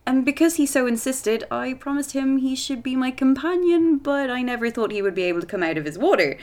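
A woman's voice: high voice, expressive, a little fast, a little mellow, pitched above the performer's own voice. A woman voicing a frightened young princess who speaks in old-fashioned formal phrasing. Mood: anxious.

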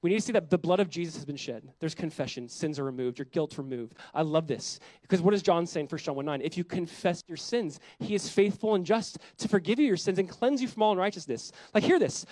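A man's voice: high voice, animated, fast, a little mellow, no room sound, rough recording. A man who is a pastor, preaching a sermon in an earnest, conversational way that builds in intensity.

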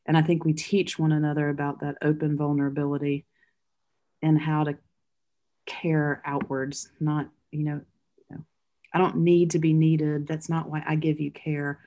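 A woman pastor speaking reflectively, telling stories in a thoughtful, halting way with soft laughs. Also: sits low. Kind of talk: reflective storytelling.

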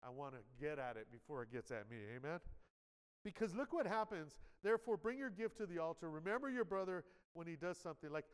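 In a large, echoing church sanctuary, a man with a fairly high, expressive voice preaches a live sermon quickly and clearly, his tone resonant. He keeps it conversational, often asking "amen" and checking in with the congregation. When he acts out quoted inner voices, his loudness swings dramatically.

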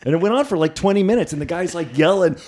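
A man's voice: high-pitched, animated, very fast, darkish tone. A man hosting a casual podcast chat, rambling with many restarts and frequent laughs. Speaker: podcast host.

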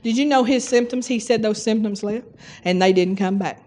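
A woman's voice: mid-range voice, normal speed, warm tone. A middle-aged woman preaching a folksy sermon, exhorting the congregation and breaking into bursts of forced laughter.

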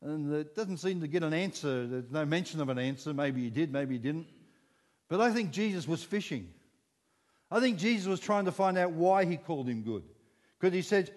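Animated Scottish preacher, high voice. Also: male voice, normal speed, long reverb tail. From Scotland. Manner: animated storytelling, acting out voices. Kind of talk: sermon.

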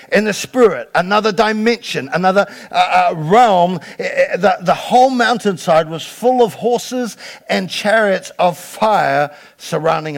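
A man preaching a sermon as a pastor, retelling a story with animated voices and frequent stammered restarts. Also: high voice, creaky.

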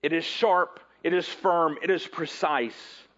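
A man preaching a sermon in an earnest way, often dropping low and quiet at the ends of phrases. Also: takes it slowly, muffled recording. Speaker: pastor.

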